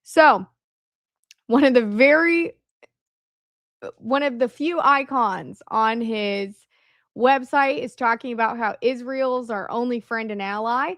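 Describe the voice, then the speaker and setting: A woman's voice: fairly high pitch, takes it slowly, long pauses, a bit bright, dry recording, clean studio sound. A woman giving casual, sarcastic commentary as she reads from old websites, breaking into laughter and asides. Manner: sarcastic asides, laughs while reading aloud. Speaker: political commentary podcaster.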